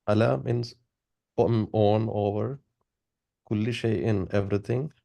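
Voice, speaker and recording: A man answering as a student in class, hesitant with many pauses. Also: lowish voice, fairly even intonation, vocal fry, mellow.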